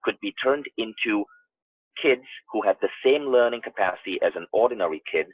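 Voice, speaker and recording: A man speaks as a podcast guest, his voice low and slightly husky. He talks emphatically and tells stories, often restarting his phrases. The sound is dry and narrow, like a phone line. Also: expressive, brisk, no room sound. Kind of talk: casual interview talk. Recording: tinny phone-line audio.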